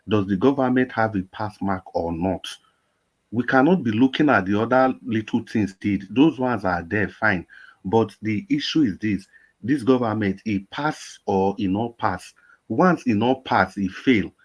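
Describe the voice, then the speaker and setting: A man's voice: on the low side, normal speed, lo-fi sound. A man with a Nigerian accent arguing his point on a live-stream panel, insistent and slipping into Pidgin. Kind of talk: heated live-stream debate.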